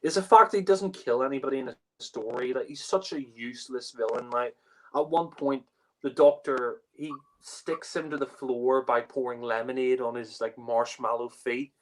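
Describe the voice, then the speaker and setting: A man's voice: medium pitch, moderate pace. A man in casual podcast chat, laughing and swearing as he rambles with lots of fillers. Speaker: podcast co-host. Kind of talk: casual chat, reviewing a TV story.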